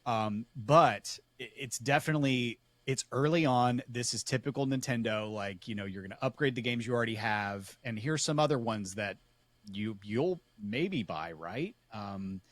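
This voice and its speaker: A man co-hosting a gaming podcast, chatting casually in a rambling, relaxed way. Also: medium pitch, moderate pace, dry recording. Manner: rambling, self-correcting, relaxed. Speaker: podcast co-host. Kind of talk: casual chat.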